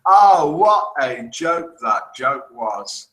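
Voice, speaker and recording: A man's voice: mid-range voice, very animated, extremely slow, fairly bright tone. A man hosting a live online show, chatting casually, reading out viewer comments and telling jokes he laughs at himself. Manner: chatty, jokey, laughs at his own jokes. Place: indoor room in Spain. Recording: roomy echo.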